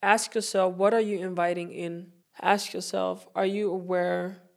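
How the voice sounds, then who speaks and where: A woman's voice: lowish voice, flat delivery, a little slow, gravelly. A woman hosting her own motivational podcast, recording herself and speaking in an earnest, heartfelt way, repeating phrases for emphasis. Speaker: podcast host. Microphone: self-recorded.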